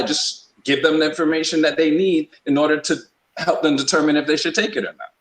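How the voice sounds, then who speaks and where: A man's voice: fairly high pitch, brisk, fairly bright tone, reverberant, rough recording. A man hosting a podcast, talking in a rambling, emphatic way with many restarts. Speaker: podcast host. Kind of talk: casual opinion talk.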